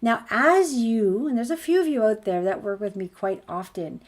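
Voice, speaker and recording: A woman's voice: on the high side, expressive, measured pace, darkish tone. A woman, a spiritual healer, giving an earnest motivational talk, stacking rhetorical questions as she promotes her course.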